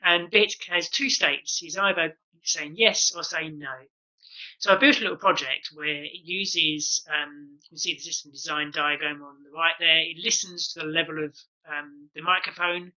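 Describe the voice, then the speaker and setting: A man's voice: a little high, fairly even intonation, moderate pace, sharp tone, low-quality recording. A man giving an online conference presentation over a video call, explaining projects with lots of ums and uhs. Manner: explanatory, filler-heavy with many ums and uhs.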